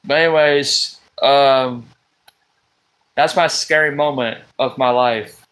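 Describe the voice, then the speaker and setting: A man, ranting on a live stream from a table at home, exasperated, swearing often and breaking into loud outbursts. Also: mid-range voice, steady tone, slow pace, poor audio. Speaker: livestream host. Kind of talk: rambling live-stream rant.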